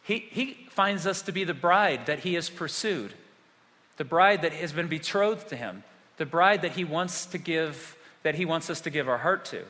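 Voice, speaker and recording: A man preaching a sermon as a pastor, animated, swinging between hushed, soft passages and loud outbursts. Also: fairly high pitch, normal speed, long reverb tail.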